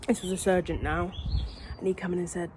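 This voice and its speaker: Young woman, casual vlog storytelling, low-pitched, rambling with self-corrections, faint background hiss. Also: fairly even intonation, fairly quick, a little mellow. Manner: chatty, rambling, often corrects herself and addresses viewers as guys. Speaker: new mother telling her birth story.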